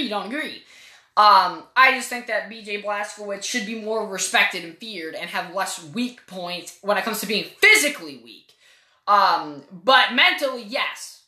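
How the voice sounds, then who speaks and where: A woman's voice: medium pitch, bright, forceful tone. Profane opinionated woman reviewing games. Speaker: podcast game reviewer. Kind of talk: casual spoken game review. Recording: echoey room.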